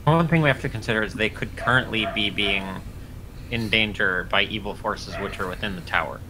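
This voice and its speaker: A man's voice: on the low side, a little fast, noisy background. A man playing a tabletop game, reasoning aloud in a rambling, filler-heavy way. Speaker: player. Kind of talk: casual chat.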